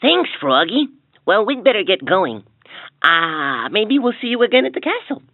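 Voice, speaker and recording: A woman voicing an upbeat young hero in a toy's story, speaking with bright enthusiasm. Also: mid-range voice, big pitch swings, moderate pace, no echo. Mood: cheerful. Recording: tinny lo-fi toy speaker with soft music.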